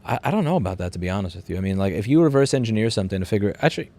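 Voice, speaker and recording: Fast-talking New York man, low voice. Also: lively intonation, mellow. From Queens, New York City. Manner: rapid, rambling, restarts and repeats words, blunt and profane. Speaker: livestream host. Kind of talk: casual livestream chat, reading viewer comments.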